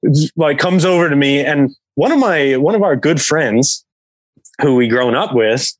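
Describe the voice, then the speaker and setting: A man's voice: fairly high pitch, expressive, normal speed, no echo, rough recording. A man from England, a professional hockey player guesting on a podcast, telling a story in a rambling way full of fillers. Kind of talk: casual storytelling.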